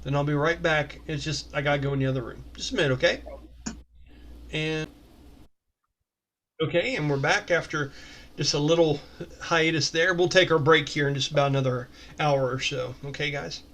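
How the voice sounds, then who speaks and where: A man's voice: fairly high pitch, steady tone, normal speed, fairly bright tone, a little hiss or hum. Chatty man running a tabletop game at home. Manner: chatty, filler-heavy narration. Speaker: game master.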